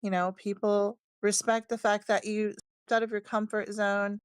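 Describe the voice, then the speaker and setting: A woman co-hosting a casual panel chat, gently encouraging and giving advice. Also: medium pitch, flat delivery, moderate pace, clean tone, no echo. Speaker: co-host.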